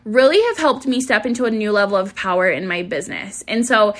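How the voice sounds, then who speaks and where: A woman's voice: mid-range voice, a little fast. A young woman hosting her own podcast, talking casually and bubbily with a lot of inflection. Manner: bubbly, lively inflection. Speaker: podcast host. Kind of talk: casual solo podcast intro.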